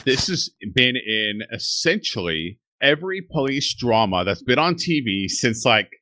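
A man's voice: medium pitch, big pitch swings, unhurried, background noise. A man co-hosting a podcast in casual chat, laughing often as he breaks down an episode. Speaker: podcast co-host.

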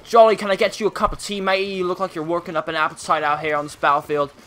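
Man doing a cheery fake-British game commentator, high and loud, bright tone. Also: level tone, racing. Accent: put-on British. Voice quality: over-the-top, cheery. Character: jolly mock-British male sports commentator.

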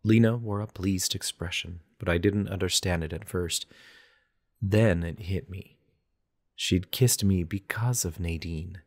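A man's voice: low-pitched, fairly even intonation, a little slow. A man narrating a romance audiobook in first person with an intense, dramatic delivery.

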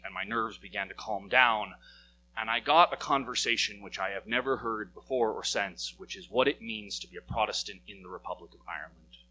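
A young American man tells a personal story on a small stage into a handheld mic. His voice is bright and pushed forward, with a wry, lively manner. A faint hum sits behind him. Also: medium pitch, rough recording. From United States. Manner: lively and wry, voice rising as it builds. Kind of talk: live story slam telling.

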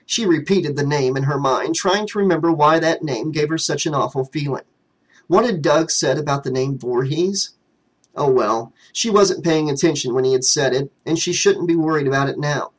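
A man's voice: fairly high pitch, normal speed, low-quality recording. A man narrating a fan novel as an audiobook, reading steadily.

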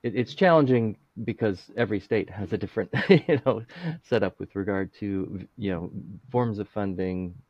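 A man hosts an interview in a low voice. He rambles casually with plenty of fillers. His sound is dry and muffled, like he is on a video call. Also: moderate pace, no echo. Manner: rambling, many fillers, chuckles often. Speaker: podcast host.

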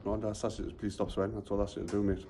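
A security guard with a low, mellow voice who talks fast. He is polite but keeps repeating the same request. Faint background noise sits behind him. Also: flat delivery. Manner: polite, insistent, repetitive. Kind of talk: casual workplace exchange.

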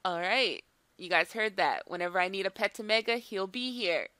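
A young woman hosting a gaming video in casual chat, excitable, swearing and saying "like" a lot. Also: mid-range voice, normal speed, no echo. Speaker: gaming channel host.

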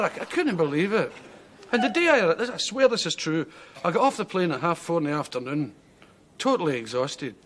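A fairly high, fairly bright voice belongs to a Scottish man appearing as a talk show guest, chuckling through rambling comic anecdotes. The live-audience TV studio recording is from the 1970s, with hiss and audience laughter.

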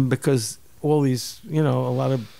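An older man from New York telling a personal story in an interview, lively and acting out the people he quotes. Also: mid-range voice, measured pace, creaky, no echo. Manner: animated, acts out quoted voices, repeats words. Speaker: guest storyteller.

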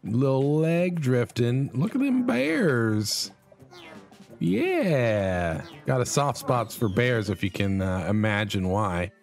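A man hosting a casual let's play, commenting on a silly game and jumping into high excited yelps. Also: takes it slowly, few pauses, faint music behind. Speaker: gaming channel host.

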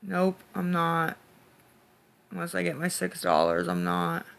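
A man's voice: high-pitched, completely flat delivery, unhurried, gravelly, a bit bright, clean tone. A man live-streaming late at night, irritably snapping back at commenters and muttering repeated words. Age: adult parent. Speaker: livestreamer reading chat.

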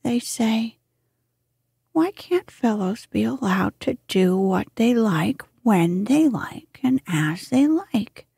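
A woman's voice: a little high, expressive, takes it slowly, mellow, no room sound, clean studio sound, exaggerated voice. A woman whispering the part of a cheerful, good-natured male water rat in a storybook, as whispered role-play, eager and hearty in manner. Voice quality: breathy whisper.

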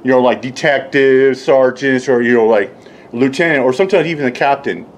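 A man ranting casually and profanely, rambling and mocking others, often laughing and mimicking them in high voices. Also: a little fast. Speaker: YouTube commentator. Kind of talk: casual rant.

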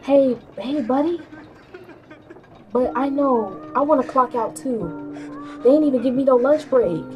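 A woman streaming video games, reacting loudly and animatedly, with shrieks and running commentary. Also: high-pitched, a little slow, muffled recording, music in the background. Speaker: gaming streamer.

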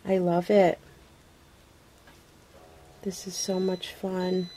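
A woman chats to her camera in a room at home, gushing with delight in a slow, unhurried way. Her voice is mellow and warm, full of exclamations and soft breathy gasps. It is picked up by the camera's own mic. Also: on the low side, completely flat delivery, slight background noise. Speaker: craft vlogger. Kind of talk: casual unboxing chat to camera.

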